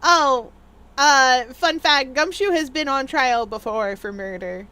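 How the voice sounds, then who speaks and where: A woman's voice: sits high, takes it slowly, bright, forceful tone, clean tone. A young adult woman chatting casually to her viewers on a gaming livestream, in a rambly way with lots of fillers. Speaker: streamer.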